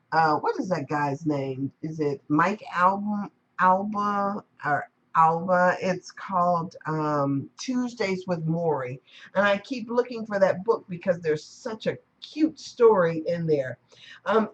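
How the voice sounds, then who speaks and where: A woman's voice: mid-range voice, slightly rough, rough recording. A woman giving a live-streamed spiritual talk in a reflective manner, repeating and rephrasing her ideas. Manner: reflective, repetitive phrasing. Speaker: spiritual teacher.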